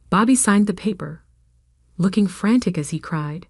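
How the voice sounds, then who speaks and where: A woman narrating a first-person family drama story in an even, steady storytelling delivery. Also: mid-range voice, moderate pace, husky, no room sound, clean studio sound.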